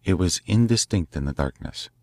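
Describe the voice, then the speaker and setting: A man narrating a classic story in a measured, dramatic way. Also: low-pitched, lively intonation, warm tone, no echo, clean studio sound. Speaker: audiobook narrator. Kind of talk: scripted narration.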